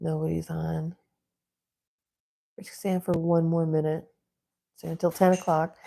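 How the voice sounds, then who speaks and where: A woman hosting a casual livestream from home, chatting in a relaxed way and talking to her dogs now and then. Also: low-pitched, moderate pace, vocal fry, long pauses. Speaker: livestream host. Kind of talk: casual live-stream chat.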